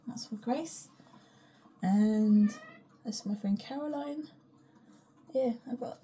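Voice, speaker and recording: Brief: woman vlogging in her kitchen, rambling, frank and sweary, warm and mellow voice with a faint hum behind her. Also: medium pitch. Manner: frank and chatty, swears, often drops to a whisper. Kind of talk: rambling casual vlog chat. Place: home kitchen, standing.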